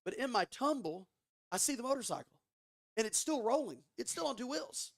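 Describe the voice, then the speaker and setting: A man tells a story in a casual, excitable way, with plenty of swearing and false starts. His voice sits fairly high. The sound is dry and close, with no room echo. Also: fairly quick, gravelly. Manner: animated, profane, frequent restarts. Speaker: podcast guest. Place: studio.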